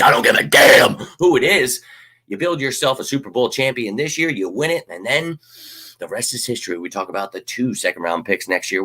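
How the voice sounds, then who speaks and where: A young man rambles through a casual livestream as a fan channel host, his voice sitting at an ordinary middle pitch. He talks loosely with plenty of fillers and restarts, then flares up into hyped, shouted bursts.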